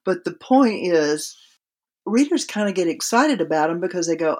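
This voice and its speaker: A woman's voice: lowish voice, animated, moderate pace, darkish tone. Woman explaining with practical examples. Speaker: writing instructor guest. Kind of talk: podcast interview.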